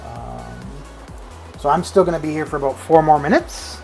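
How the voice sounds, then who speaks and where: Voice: medium pitch, huge pitch swings, normal speed, creaky, darkish tone, rough recording. A game streamer chatting casually with viewers in a live stream, rambling with lots of restarts and fillers, over faint background music.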